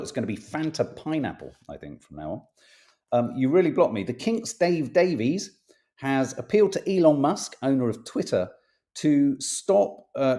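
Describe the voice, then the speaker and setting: Chatty middle-aged man, lively pitch. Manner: jokey, chatty, with playful asides while reading headlines aloud. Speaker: host. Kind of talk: casual live-stream chat, reading newspaper stories and viewer comments.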